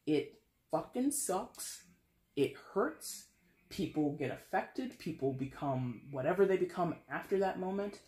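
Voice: medium pitch, expressive, moderate pace, a little mellow. A tarot reader giving a casual, frank reading to camera, sighing often and swearing now and then. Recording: echoey room with faint ambience.

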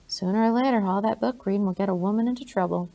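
A woman's voice: medium pitch, fast, warm tone, lightly acted. A woman doing a grumbling housemaid with folksy dialect. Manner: gruff folksy dialect speech. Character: grumbling female household servant, blunt.

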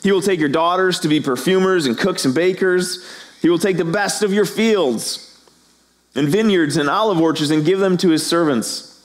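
A middle-aged male pastor preaching a sermon, animated, acting out the voices of people in the story. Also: high-pitched, moderate pace.

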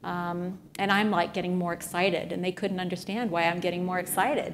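A middle-aged woman giving an energetic talk to an audience, telling stories with frequent fillers. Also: lowish voice, normal speed, a little hiss or hum. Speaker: speaker at a business event.

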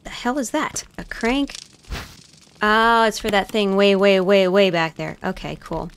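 A woman's voice: mid-range voice, steady tone, a little slow, a little hiss or hum. A young woman streamer chatting casually to her viewers while playing a game, often flustered and panicky. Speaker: gaming streamer. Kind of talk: casual gameplay commentary.

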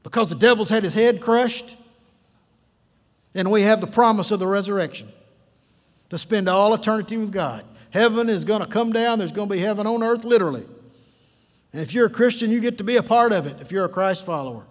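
A high-pitched man preaches a lively sermon, teasing and coaxing his congregation along. His voice rings through a church sanctuary with a long reverb tail. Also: fairly quick. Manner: playful, coaxing the congregation, emphatic storytelling. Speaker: pastor.

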